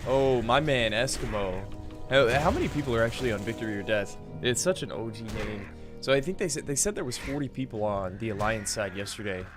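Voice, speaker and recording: A man streaming a game, chatting casually to viewers, relaxed and laughing often, calling people "dude" and "man". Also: medium pitch, brisk. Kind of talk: casual live-stream chat. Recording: game music underneath. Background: game music.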